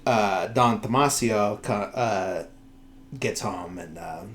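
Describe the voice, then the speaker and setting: Podcast host, male, slightly low voice, loose filler-heavy recap delivery. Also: takes it slowly, fairly bright tone. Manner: rambling, filler-heavy, many "like" and "uh". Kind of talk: casual movie recap.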